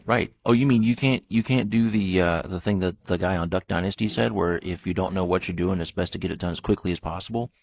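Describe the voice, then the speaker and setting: A man in his thirties hosting a casual podcast chat, an animated storyteller who laughs often and acts out the people in his stories. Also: sits low, quick pace, vocal fry, few pauses. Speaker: podcast host. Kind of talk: casual conversation.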